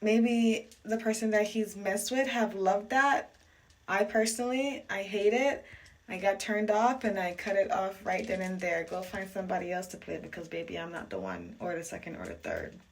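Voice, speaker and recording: A woman's voice: medium pitch, animated, moderate pace. A young woman telling a story on her vlog in a chatty, emphatic and sassy way. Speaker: vlogger.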